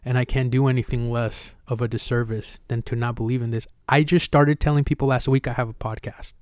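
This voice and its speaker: A male podcast host talking openly in a relaxed, slangy way and swearing freely. His voice is smooth and clear, in a dry, close recording with no room sound. He jumps into lively impressions when he retells a conversation. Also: mid-range voice, fairly quick, dry recording. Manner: candid, swears casually, slangy; acts out retold dialogue with energy.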